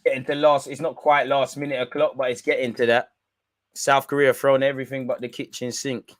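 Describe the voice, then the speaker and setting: A young man giving excitable, banter-filled live reaction commentary on a football match. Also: mid-range voice, a little fast, no echo. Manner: excitable, banter-heavy, swears. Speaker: football watch-along streamer.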